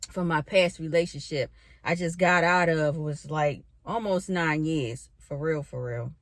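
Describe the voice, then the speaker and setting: A young woman vlogging from her bedroom, telling a spiritual story in a casual, animated way, full of fillers and casual swearing. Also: low voice, a little slow, no echo, clean studio sound. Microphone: camera in a bedroom.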